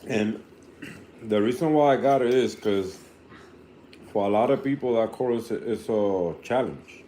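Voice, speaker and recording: Young guy, low register, rambling casual vlogger with restarts, faint room noise. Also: moderate pace, warm tone. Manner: rambling, restarts often, talks while eating. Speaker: reef tank hobbyist vlogger. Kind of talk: casual vlog talk. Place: home room by an aquarium.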